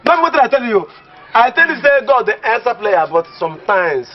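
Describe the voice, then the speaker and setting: An actor with a Nigerian accent playing a skeptical village friend who teases and gives advice. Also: male voice, very high voice, moderate pace, a crowd in the background. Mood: teasing. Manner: lively, teasing, repeats catchphrases. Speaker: actor in a comedy film. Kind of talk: Pidgin comedy film acting. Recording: dull lo-fi film audio.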